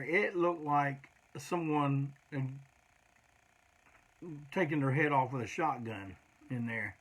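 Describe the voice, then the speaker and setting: Husky-voiced man spinning rambling road stories. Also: a little high, pushed and bright. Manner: rambling, profane, peppered with "man". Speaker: punk band singer telling road stories. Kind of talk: casual storytelling monologue.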